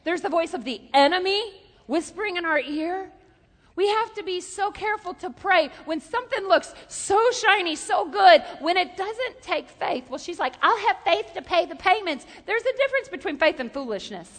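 A woman preaching a sermon in a lively, animated way, repeating questions for emphasis and telling stories. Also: extremely high pitch, normal speed, big-room sound.

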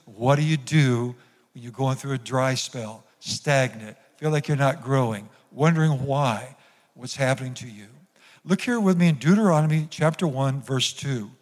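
A man's voice: medium pitch, normal speed. Preaching man in a reverberant church. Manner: preaching with call-and-response to the congregation. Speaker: pastor. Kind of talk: sermon. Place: church sanctuary.

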